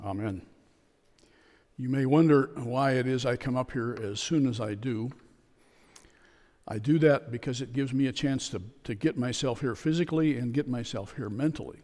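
A man preaches a sermon, moving at a calm, measured pace and slipping jokes into his stories. His voice sits in a middle register. Long reverb from the church carries each phrase. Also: mid-range voice. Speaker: pastor. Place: church sanctuary.

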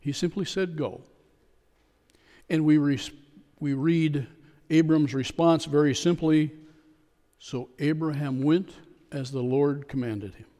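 A man preaching a sermon as a pastor, telling a story with a joke in a calm, measured way. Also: on the high side. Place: church sanctuary. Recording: long church reverb.

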